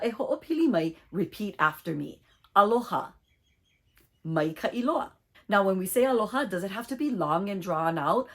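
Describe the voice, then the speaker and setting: A woman with a voice on the low side teaches a short online language lesson. She speaks clearly and deliberately while leading repeat-after-me drills.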